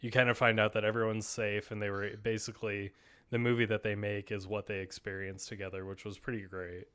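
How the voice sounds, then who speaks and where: A man's voice: lowish voice, little pitch movement, fairly quick, fairly bright tone, smooth. A man co-hosting a podcast, chatting casually and enthusiastically with lots of fillers and restarts. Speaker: podcast co-host. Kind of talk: casual chat.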